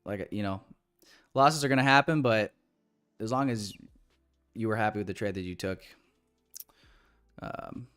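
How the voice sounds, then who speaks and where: A man's voice: lowish voice, unhurried, long pauses, a bit bright, smooth, soft background music. A man giving casual live trading commentary in a laid-back, slangy way with lots of fillers. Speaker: day trader streamer.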